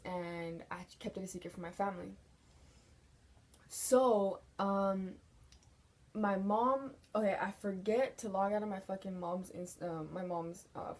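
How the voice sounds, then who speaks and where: A woman's voice: mid-range voice, a little mellow. A young woman vlogger telling a personal story in a frank, casual way, swearing often and filling her talk with "like". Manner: frank, swears a lot, fillers like 'like'.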